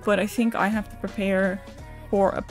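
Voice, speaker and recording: With faint music playing, this woman streams on Twitch in a mid-range voice, flat in delivery and normal in pace. Her casual chat with viewers is candid and emotional, full of swearing and laughter, and she reads their messages aloud.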